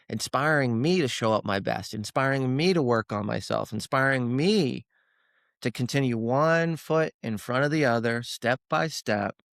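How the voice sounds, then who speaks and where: A man's voice: mid-range voice, creaky, no echo, studio quality. Earnest man telling a personal story. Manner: earnest, repeats words when moved. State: close to tears at times. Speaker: podcast guest.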